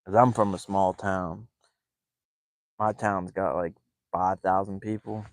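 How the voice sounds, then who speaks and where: Laid-back man, low voice. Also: little pitch movement, slow, no room sound. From West Virginia and Ohio. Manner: amused, rambling, laughs often. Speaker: fishing vlogger. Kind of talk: casual storytelling.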